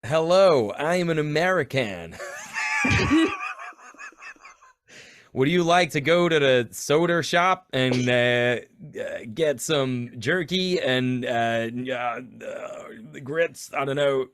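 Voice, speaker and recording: A man's voice: mid-range voice, lively intonation, takes it slowly, fairly bright tone, clean tone. A British man hamming up a bumbling fake American accent in a comic bit, full of hesitant fillers. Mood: goofy. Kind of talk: comic impression.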